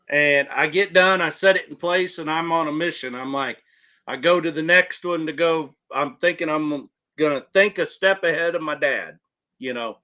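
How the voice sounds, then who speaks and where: A man's voice: fairly high pitch, bright, forceful tone. A man who works with his father, telling a joking story in casual chat. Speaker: son working on the family farm.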